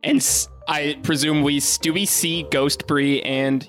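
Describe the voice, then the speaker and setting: A man's voice: a little high, fairly even intonation, measured pace, fairly bright tone, soft background music. A man playing a tabletop game who speaks hesitantly and keeps restarting his phrases. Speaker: player. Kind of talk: casual tabletop game play.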